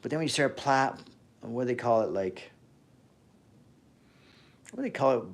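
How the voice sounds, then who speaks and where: Profane rambling man with lively pitch. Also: moderate pace. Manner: profane, rambling, trailing off mid-sentence. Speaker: fitness livestream host. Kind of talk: casual livestream rant.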